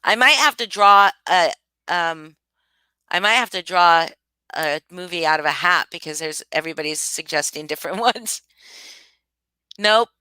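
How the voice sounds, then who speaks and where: A woman's voice: lowish voice, moderate pace, long pauses, pushed and bright, clean tone, dry recording. A woman hosting a casual live stream, rambling and thinking aloud as she answers viewers, often restarting her sentences. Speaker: livestream host.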